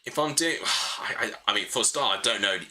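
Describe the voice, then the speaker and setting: A man's voice: mid-range voice, lively intonation, fairly quick, sharp tone. A young man hosting a live football watchalong stream, calling the play and chatting with viewers as he thinks aloud. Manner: chatty, thinking aloud, answering chat between play calls. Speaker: livestream host.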